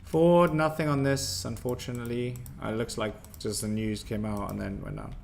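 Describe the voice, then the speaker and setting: Young guy running a trading livestream, blunt and pushy, keeps firing questions at chat, mid-pitch voice. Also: fairly even intonation, moderate pace, gravelly, slight background noise. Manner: blunt, emphatic, quizzes and scolds viewers. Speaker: stock trading livestream host. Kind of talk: live trading stream, teaching chat viewers.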